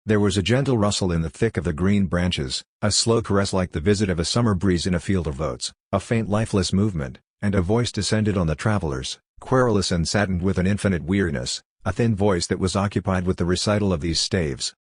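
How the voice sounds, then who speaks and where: A man reads a comic novel aloud in a low, deep voice. The recording is dry and close. He tells the story in an even, unhurried way and briefly voices each character. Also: slightly rough, dry recording. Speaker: audiobook reader.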